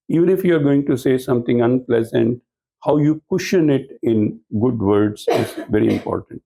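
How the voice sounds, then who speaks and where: A man delivers a training lecture to a room of professionals. His voice is gravelly and husky, with a darker, mellow tone. He explains patiently and keeps turning to the listeners with rhetorical questions. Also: mid-range voice, rough recording. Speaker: speaker at a corporate training talk.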